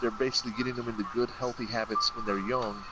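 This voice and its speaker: A man's voice: mid-range voice, flat delivery, quick pace, loud music behind the voice, rough recording. A man from the United States hosting a let's play, chatting casually and rambling through a story with lots of repeated filler phrases. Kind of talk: casual gameplay chat. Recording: loud constant background noise.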